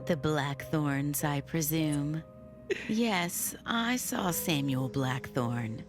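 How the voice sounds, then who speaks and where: A nasal, eerie hotel receptionist. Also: female voice, deep voice. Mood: formal welcome. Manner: slow, formal and knowing. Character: mysterious woman hotel receptionist, courteous and eerie. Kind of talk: video game voice acting. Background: game music.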